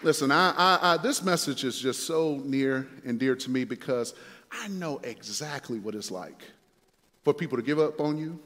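A male pastor preaching a sermon, moving from relaxed storytelling to emphatic, building exhortation. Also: medium pitch, moderate pace, in a large hall, some chatter behind.

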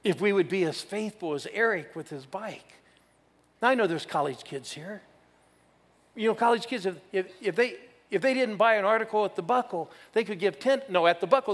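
A man preaching a sermon in a church, energetic and calling on the congregation to answer him. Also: high-pitched. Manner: energetic, calls for crowd responses. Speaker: guest preacher. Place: church sanctuary. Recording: church hall reverb.

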